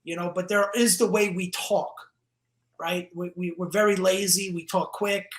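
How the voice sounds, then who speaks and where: A man with a New Jersey accent, telling animated stories in a casual podcast chat and swearing freely. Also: high-pitched, normal speed, roomy sound. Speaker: guest comedian.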